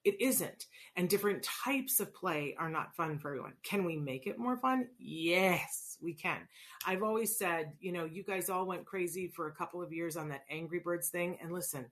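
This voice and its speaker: She's a middle-aged parent educator on autism with a lowish voice and moderate pace. Her talk is casual storytelling about play and autistic children, animated, with voices acted out.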